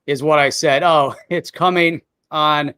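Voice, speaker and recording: A man's voice: on the high side, steady tone, unhurried, sharp tone, smooth, dry recording. Chatty man hosting, dry close sound. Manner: loose and chatty, peppers talk with "man" and "you know". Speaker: livestream show host. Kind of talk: casual chat.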